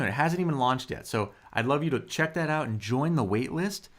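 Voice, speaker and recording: A man teaching Mandarin pronunciation on a live stream, upbeat and encouraging as he drills words and tones. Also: medium pitch. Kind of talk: live-streamed language lesson.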